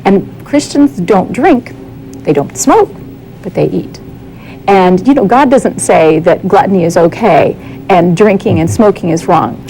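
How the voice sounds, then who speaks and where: A woman's voice: on the low side, unhurried, dark tone, soft background music, poor audio. A woman giving a candid, earnest personal testimony as a guest on a talk show, often acting out the dialogue she quotes.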